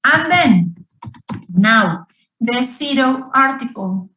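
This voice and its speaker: Lady teacher on a video call, talks slow, repeats stuff, roomy far-off sound. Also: high voice, expressive, sharp tone. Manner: slow, repeats points and asks students questions. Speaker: English teacher. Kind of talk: online grammar lesson.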